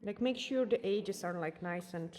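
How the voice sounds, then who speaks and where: Speaking at a normal speed in a slightly mellow, lowish voice, a nail technician chats through her tutorial one step at a time as she works. She's a native Polish speaker who is losing her voice, recorded with a hair dryer going in the background.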